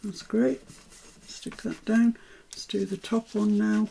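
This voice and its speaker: Gravelly older woman. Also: medium pitch, level tone, slow pace, mellow, slight background noise. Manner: chatty, self-mocking asides. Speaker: craft tutor. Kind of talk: live craft demonstration.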